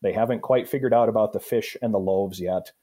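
A male pastor leads a Bible study discussion, explaining the Greek behind a passage. His voice sits low and sounds somewhat husky. He thinks aloud, pausing with fillers and circling back mid-sentence. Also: mellow. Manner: thoughtful, explanatory, pauses with fillers.

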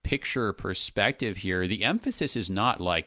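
A man's voice: lowish voice, animated, moderate pace, bright, forceful tone, dry recording, clean studio sound. A man hosting a radio talk show as a pastor, thinking aloud in casual talk with many restarts and fillers.

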